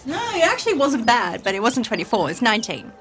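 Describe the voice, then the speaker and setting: A woman's voice: fairly high pitch, big pitch swings, fast, noisy background. A woman playing a tabletop game, joking crudely and laughing often. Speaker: player.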